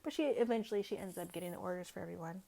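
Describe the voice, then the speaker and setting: A woman's voice: lowish voice, very fast, creaky, mellow. A woman giving a casual, chatty recap of a reality show episode, swearing freely and acting out what people said. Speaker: recap vlogger.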